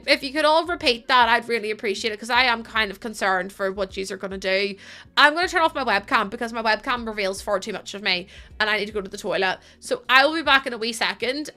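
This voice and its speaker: A woman's voice: on the high side, animated, fast talker, pushed and bright. A young woman live streaming, chatting casually with her viewers, giggling and playfully scolding them. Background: faint music.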